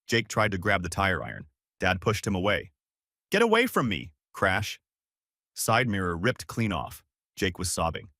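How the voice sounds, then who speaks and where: A man's voice: sits low, animated, moderate pace, sharp tone, no echo, clean studio sound. A man narrating a dramatic first-person family story in short, terse lines.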